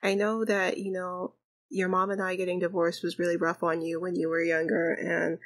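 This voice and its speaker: Woman playing a middle-aged dad, soft, earnest, rambling, a bit lower. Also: little pitch movement, normal speed, natural voice. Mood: heartfelt. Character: middle-aged father and groom, earnest and tender.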